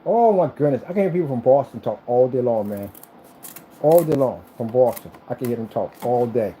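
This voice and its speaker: A man's voice: mid-range voice, animated, brisk, warm tone, a little hiss or hum, rough recording. A man vlogging as he builds a computer, chatting casually in a rambling, repetitive and enthusiastic way. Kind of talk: casual chat while building.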